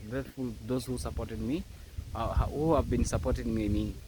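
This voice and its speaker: A young man talks to camera at a rural family home, eager and effusive, often repeating his words. His voice sits at a middle pitch for a man. Farm noise from chickens and a rooster comes through clearly in this outdoor recording. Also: fairly even intonation, brisk. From Kenya. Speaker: vlogger. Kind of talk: casual vlog talk to camera.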